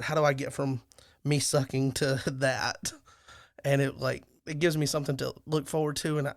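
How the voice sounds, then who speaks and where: A man's voice: mid-range voice, vocal fry, dry recording, studio quality. A man co-hosting a podcast, chatting casually, joking and rambling with restarts. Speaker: podcast co-host. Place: lives in Alabama.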